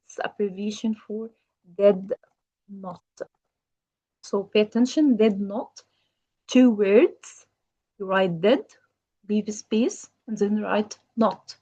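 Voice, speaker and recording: Slow, patient woman teaching English grammar. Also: mid-range voice, mellow, highs cut off. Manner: slow, patient, asks the learner questions. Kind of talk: grammar lesson.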